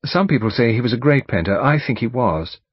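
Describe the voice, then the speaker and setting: Male reader doing a determined young woman, a bit husky, frank and hesitant, lively pitch, dull sound. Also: a little fast, dry recording. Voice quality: faint agreeable huskiness. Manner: frank, earnest, slightly hesitant. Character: earnest young woman in her early twenties, determined. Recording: dull studio audiobook recording.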